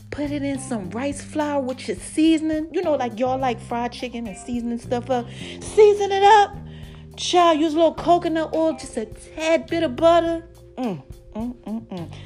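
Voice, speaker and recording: A woman hosting her own podcast, talking casually and excitedly to her listeners, laughing often. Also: a little high. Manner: hyped, expressive, laughs often. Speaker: podcast host.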